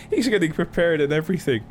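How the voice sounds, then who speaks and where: A man's voice: a little high, a little hiss or hum. A man hosting a live stream, chatting casually with viewers in a teasing way, swearing freely and laughing often. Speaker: streamer host. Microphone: streaming mic through a mixer.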